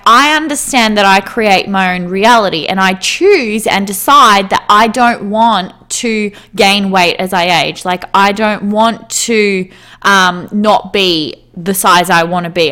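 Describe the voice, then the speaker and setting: A woman speaks in a relaxed, candid monologue, her voice sitting at an ordinary mid-range pitch. She rambles in a friendly way, peppering her sentences with "like" and quick laughs. A casual swear slips in here and there without any fuss.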